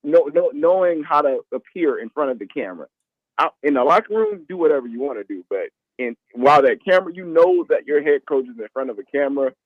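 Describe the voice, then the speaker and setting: A man's voice: fairly high pitch, lively intonation, fast talker, no room sound. A man co-hosting a sports talk show, rambling with lots of fillers. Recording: tinny phone-like line.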